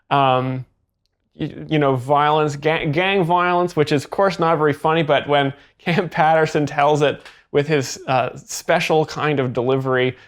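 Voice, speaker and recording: A man giving deadpan mock expert commentary on a comedy set, halting and restarting his sentences. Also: on the high side, smooth. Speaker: comedy show host.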